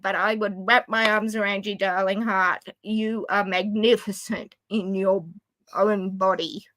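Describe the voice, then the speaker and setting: A woman's voice: medium pitch, sharp tone, no echo, low-quality recording. A woman with an Australian accent, a guest on a video call, affectionate and self-deprecating, calling people my love and darling. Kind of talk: casual chat.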